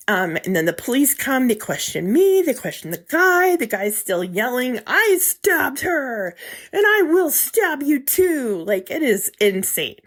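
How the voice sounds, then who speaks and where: A woman telling a frightening story from her own life as a guest. She tells it with feeling and acts out what she said back then. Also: mid-range voice. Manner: emotional, acts out her own past words. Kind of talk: first-person retelling.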